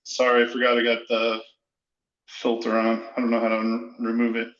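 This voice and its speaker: A breathless man on a video call, asking a question in an apologetic, halting way. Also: medium pitch, completely flat delivery, fairly bright tone. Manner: apologetic, halting, restarts often. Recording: roomy dull video call audio.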